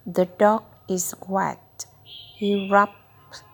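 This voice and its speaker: A woman slowly reading out a children's phonics book word by word, tutoring a child. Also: medium pitch, flat delivery, creaky. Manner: slow, deliberate word-by-word reading. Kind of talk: slow phonics read-aloud for a child.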